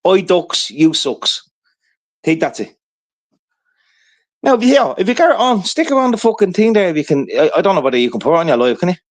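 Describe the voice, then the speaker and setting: Rambling, cursing man, slightly high voice. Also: sing-song, fairly quick, pauses often. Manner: rambling, profane storytelling with constant "right?". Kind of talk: casual chat.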